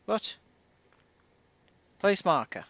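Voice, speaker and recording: A man's voice: extremely slow, fairly bright tone, dry recording. A man giving casual let's-play commentary as a gameplay streamer, making wry, joking asides.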